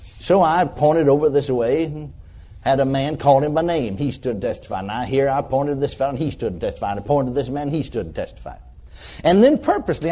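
A man preaching a sermon to a congregation, telling a story in a folksy, animated way. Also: a little high.

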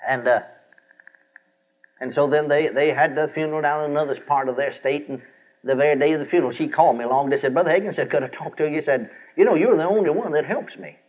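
Older male preacher, husky voice, a bit high-pitched, dull old sermon tape. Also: fast talker. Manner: animated, folksy, acts out quoted voices. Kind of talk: sermon storytelling.

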